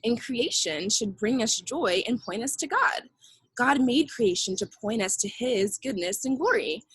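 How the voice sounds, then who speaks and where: Young woman, children's ministry teacher; husky, dry close recording, upbeat and repetitive. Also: fairly high pitch, expressive, a little slow, a bit bright, dry recording, poor audio. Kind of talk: kids' church lesson.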